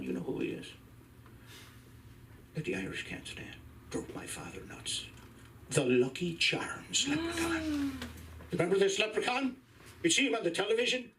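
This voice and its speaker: A man's voice: on the high side, big pitch swings, normal speed, a bit bright, far from the mic, a little hiss or hum. A man in his fifties doing a crude, wry stand-up comedy set on a club stage. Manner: crude, profane, wry storytelling.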